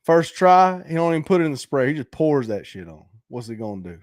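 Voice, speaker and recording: A man's voice: on the high side, big pitch swings, a little fast, no echo. Brash man coaching viewers, dry close sound. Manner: brash, coaching, swears casually; laughs often, talks straight to viewers. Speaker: host reacting to viewer videos. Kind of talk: casual livestream chat.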